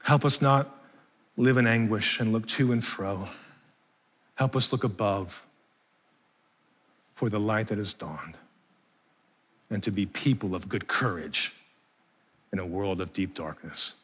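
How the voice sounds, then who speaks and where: Bright-voiced preacher in a reverberant hall. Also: male voice, fairly low pitch, a little slow, long pauses, husky. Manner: impassioned, rising and repetitive preaching; soft, hushed praying. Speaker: pastor. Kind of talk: sermon with closing prayer. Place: church hall with live congregation.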